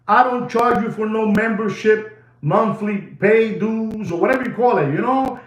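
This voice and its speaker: A man's voice: sits high, moderate pace, reverberant. A man hosting a live watch-sale stream, talking in a rambling, emphatic way and repeating phrases over and over.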